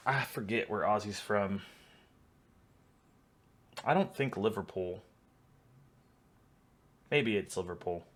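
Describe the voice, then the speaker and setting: A man with a Texan accent, casually reacting to video clips, chatty and often laughing. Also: on the low side. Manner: chatty, laughing, stumbling over words.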